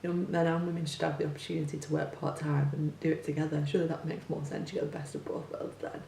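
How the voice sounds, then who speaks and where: A young woman muses out loud in a gravelly, mellow, lowish voice, firing off rhetorical questions and leaning on filler words. She sounds a little far from the mic, in an echoey room with a faint hum behind her. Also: flat delivery, fast. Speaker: teacher. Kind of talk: casual opinion monologue.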